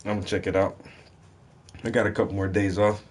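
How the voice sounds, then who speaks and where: A man's voice: on the low side, level tone, a little fast. Laid-back cussing man in a drawl. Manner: profane, laid-back slang, laughs often. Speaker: painting vlogger. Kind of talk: casual livestream chat while painting. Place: home room with fluorescent lights.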